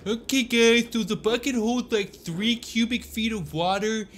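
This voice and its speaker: Man doing a nerdy glasses guy, high-pitched, very slow, know-it-all. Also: steady tone, fairly bright tone, slight background noise. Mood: explaining. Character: nerdy bespectacled young man explaining things. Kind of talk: put-on character voice in a gaming video.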